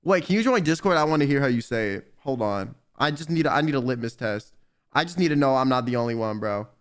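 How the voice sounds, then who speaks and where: A man's voice: medium pitch, expressive, fast talker, smooth. A young man chatting on a livestream, reading aloud and riffing in slangy, teasing talk. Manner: reads aloud then riffs, slangy and teasing. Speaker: streamer. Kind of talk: casual livestream chat.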